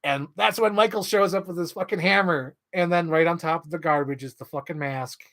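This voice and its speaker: Excited, rambling man with a higher voice. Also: fairly quick. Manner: enthusiastic, profane, filler-heavy. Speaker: channel host.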